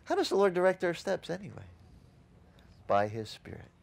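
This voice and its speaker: A male pastor delivering a sermon in a lively, conversational way, his voice sitting a little high and swinging widely in pitch. He keeps tossing rhetorical questions to his listeners and mimics the people he disagrees with. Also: normal speed, vocal fry. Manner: animated, conversational preaching with rhetorical questions to the congregation; mocks opposing views in dismissive quoted voices. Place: outdoor beach service.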